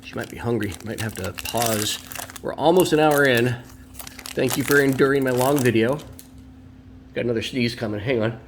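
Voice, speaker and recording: A man's voice: mid-range voice, moderate pace, a little hiss or hum. A man hosting a casual card-opening video at home, chatty and opinionated, with rambling asides. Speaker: card collector and video host.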